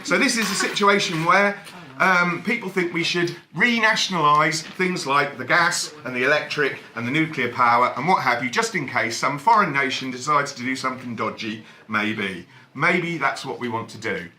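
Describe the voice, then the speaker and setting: Male stand-up, wry deadpan turning animated, high bright voice, faint room ambience behind. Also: moderate pace, echoey room, slight background noise. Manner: wry, deadpan delivery with sudden animated outbursts. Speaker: stand-up comedian. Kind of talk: stand-up comedy set. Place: cabaret bar venue, echoey room.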